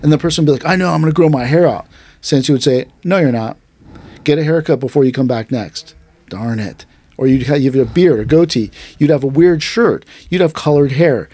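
This medium-pitched man speaks fairly quickly, with no room sound on the recording. A martial arts dojo instructor, he chats on a podcast in a relaxed storytelling way, lively as he mimics his teacher and students.

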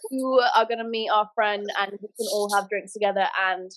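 A woman's voice: mid-range voice, brisk, a bit bright, poor audio. A woman from England co-hosting a casual podcast chat, bubbly, laughing often and swearing casually.

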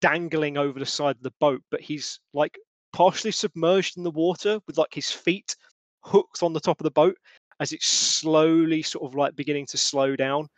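A man narrating as game master of a tabletop role-playing game, halting and full of restarts. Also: on the high side, fairly even intonation, no room sound. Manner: halting, lots of restarts and fillers.

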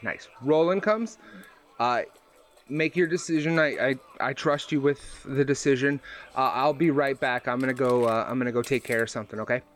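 A man of middle pitch joins a tabletop game as a player. He rambles and hesitates, circling back over his words. The talk is loose, casual game chat. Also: normal speed. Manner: rambling, hesitant, lots of fillers and restarts.

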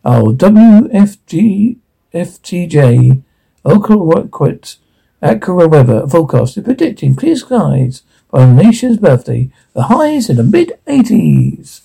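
A man's voice: a little high, sing-song, slow, gravelly, mellow, husky, full character voice, rough recording. A man voicing a cheerful male small-town radio announcer with upbeat broadcast patter.

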